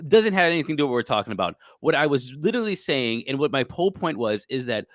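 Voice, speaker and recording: A man's voice: mid-range voice, sing-song, quick pace, dry recording, clean studio sound. A man co-hosting a political talk show, pushing back hard and getting exasperated. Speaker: co-host.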